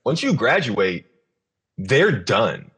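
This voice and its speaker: Podcast host guy, husky voice, thinks out loud, lots of restarts. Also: medium pitch, sing-song, slow. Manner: reflective, talks with many restarts and repeated phrases. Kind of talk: casual podcast conversation.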